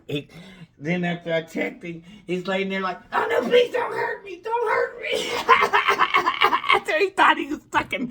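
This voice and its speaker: Man, rambling casual monologue, slightly high voice, bright and forceful tone, swears a lot, loud bursts then low mumbling. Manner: rambling, with restarts and bursts of laughter; swears freely and speaks casually. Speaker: vlogger.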